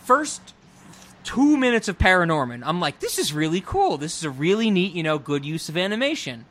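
A man's voice: sits high, sing-song, brisk, a bit bright. A young adult man co-hosting a casual film podcast, gushing with enthusiasm and swearing freely. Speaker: podcast co-host.

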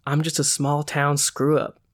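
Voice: mid-range voice, little pitch movement, unhurried, natural voice. Teasing young male musician, dry and jokey, read plainly by the host.

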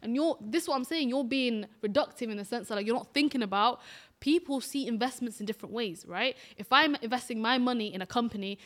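A woman's voice: a little high, quick pace, few pauses, fairly bright tone. A woman co-hosting a casual podcast chat, arguing her point and repeating herself as she goes. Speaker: podcast co-host.

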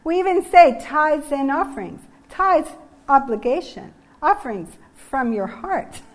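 A woman's voice: sits high, lively intonation, unhurried. A woman giving a sermon on generosity, earnest and emphatic, reading scripture passages from slides. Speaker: preacher.

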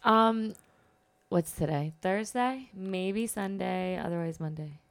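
Teasing woman with a lowish voice. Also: slow pace, clean tone. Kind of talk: casual chat.

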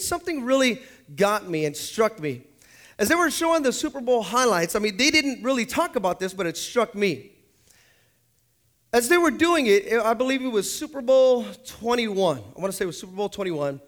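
Male pastor, high lively delivery, sermon with jokes. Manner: animated, joking, swinging between loud highs and low asides.

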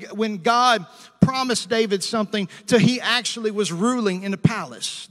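High-voiced preacher man in a reverberant hall. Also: a bit bright. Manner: preachy call-and-response with amens and hallelujahs; slows down to stress scripture quotes. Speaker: pastor. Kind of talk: sermon.

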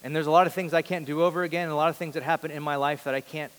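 A man in his thirties preaching a sermon before a large congregation, earnest, moving between loud emphasis and soft, hushed lines. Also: fairly high pitch, fairly even intonation, very fast, smooth. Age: 30s. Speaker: pastor. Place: large church hall before a big congregation. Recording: long reverb of a large hall.

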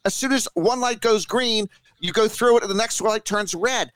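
Slightly high-voiced jokey man. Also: normal speed, a bit bright, clean tone, no room sound. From Washington, D.C. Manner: rambling, jokey. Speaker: podcast co-host. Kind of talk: casual podcast banter.

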